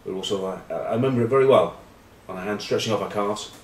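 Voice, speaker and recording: A low-voiced man hosts a casual rugby vlog, rambling on with wry, cheeky asides. He sits back from the mic, and his voice carries in a roomy, echoey space. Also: fast talker, slight background noise. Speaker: rugby pundit and vlog host. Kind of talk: casual rugby chat to camera. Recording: roomy echo, distant mic.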